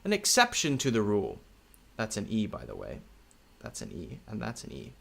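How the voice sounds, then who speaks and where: A man teaching English in a recorded video lesson, speaking slowly and repeating key words, often checking in with "okay?". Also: fairly low pitch, wildly swooping pitch, gravelly, husky. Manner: slow, repetitive, checks in with "okay?".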